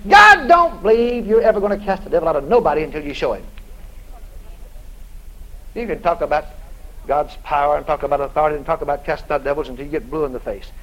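A man preaching a sermon through a dramatic story, animated and bursting into shouts. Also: on the high side, quick pace, long pauses, highs cut off.

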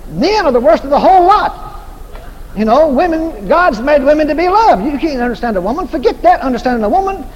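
A man's voice: very high voice, very animated, fairly quick, dull audio. A male preacher giving a folksy, humorous sermon that repeats its points for emphasis. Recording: echoey hall, faint noise.

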